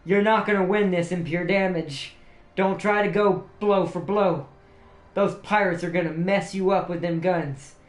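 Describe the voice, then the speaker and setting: A man's voice: sits high, a little slow. A man hosting a livestream, chatting casually and laughing often, rambling with restarts. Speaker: livestream host. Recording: roomy echo, faint music behind.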